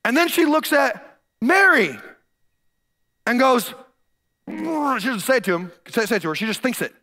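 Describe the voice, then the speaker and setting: A male pastor preaching a sermon from a church stage, animated and emphatic, repeating his key phrases. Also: very high voice, normal speed, long pauses.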